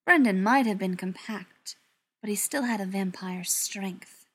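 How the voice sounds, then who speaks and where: Female audiobook narrator: mid pitch, expressive scripted storytelling, occasional near-whispers. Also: unhurried, slightly rough.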